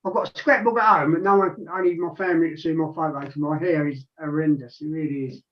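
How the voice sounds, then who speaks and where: The speaker, a regular panelist in his sixties, chats casually on a radio show, rambling with lots of restarts and asides. His voice is a little high, steady in tone and fast. The sound is dull and lo-fi.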